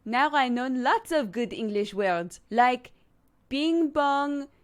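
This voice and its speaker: A woman's voice: high-pitched, lively intonation, takes it slowly, voice pushed up. A woman voicing a young French donkey girl, an exchange student from a cartoon, speaking earnestly in a sing-song French accent.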